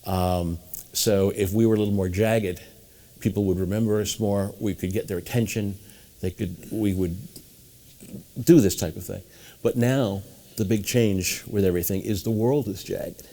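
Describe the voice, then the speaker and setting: A man's voice: fairly low pitch, steady tone, moderate pace, warm tone. A man from New England, a guest mentalist in an interview, telling long rambling anecdotes and acting out the voices of people in them. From New England, USA. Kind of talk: storytelling interview.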